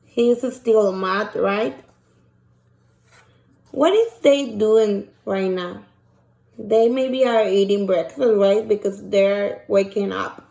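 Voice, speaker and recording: A woman teacher, reading a picture book aloud and asking children questions in a slow, patient way. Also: medium pitch, vocal fry, dark tone, reverberant. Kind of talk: shared reading lesson for children.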